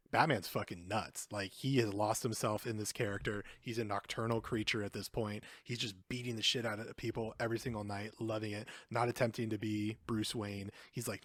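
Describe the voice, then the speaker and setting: Male co-host, low pitch, rambling and profane, dry close recording. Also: dry recording. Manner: loose and rambling, heavy swearing, many fillers. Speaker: podcast co-host. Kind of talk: casual film discussion.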